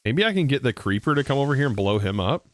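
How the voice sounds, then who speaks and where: A man's voice: medium pitch, big pitch swings, fast talker. A man livestreaming a game, chatting casually to his viewers as he narrates each move he makes. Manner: chatty, narrates his moves and talks to chat. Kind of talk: live gameplay commentary.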